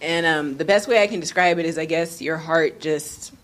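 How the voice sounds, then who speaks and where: A woman from the audience asking a preacher a question, hesitant and reflective, with many pauses and restarts. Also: sits low, a bit bright.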